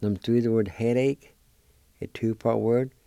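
A man hosting a weekly language lesson, spelling and pronouncing words slowly and repeating each syllable with care. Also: medium pitch, steady tone, warm tone, clear, resonant tone, no room sound. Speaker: language teacher and program host.

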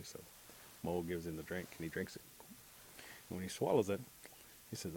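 Man, low gravelly voice, animated storytelling, faint hiss. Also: brisk, pauses often. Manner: animated, acts out characters' lines. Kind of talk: oral storytelling.

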